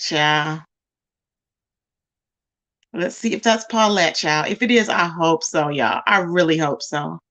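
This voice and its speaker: A woman's voice: sits low, takes it slowly, pauses often, fairly bright tone. A woman hosting a casual livestream, chatting straight to her viewers and calling them "y'all" and "child". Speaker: livestream host.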